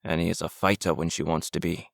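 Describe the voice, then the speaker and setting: A man doing a gravelly German captor. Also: flat delivery, no echo, clean studio sound. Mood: cold, menacing. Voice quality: deep, gravelly. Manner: quiet, cold, measured threats. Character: calm menacing German male captor.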